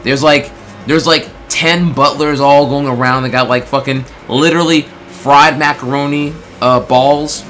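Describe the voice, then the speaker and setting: Man, casual storytelling, animated, swears a lot, bright tense voice, faint music behind. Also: mid-range voice, a little slow. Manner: animated, swears a lot, lots of filler words; acts out quoted exchanges in bursts. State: throat getting tired. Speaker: streamer telling a story.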